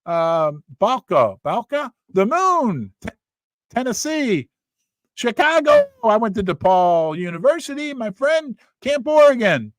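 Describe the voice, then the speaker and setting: A middle-aged man with a fairly high voice hosts a livestream in a casual chat. His pitch swings widely as he reads out viewers' names and places in quick, animated bursts. The sound is close and dry. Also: no echo. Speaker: livestream host.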